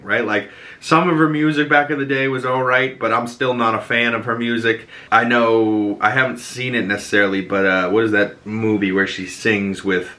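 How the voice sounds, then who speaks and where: Chatty bright-voiced man with Boston accent. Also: mid-range voice. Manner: rambling, loose and chatty, lots of fillers. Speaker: podcast host. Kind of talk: casual commentary.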